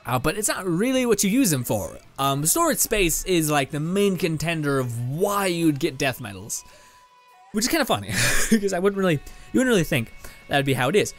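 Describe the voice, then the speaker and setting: A young man from Canada rambles through his gameplay commentary, his voice set a little higher than most men's. He laughs easily and swears without a thought. Faint music plays underneath. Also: sing-song, moderate pace. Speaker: gaming video host. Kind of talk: casual let's-play commentary. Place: home room with green screen and lights.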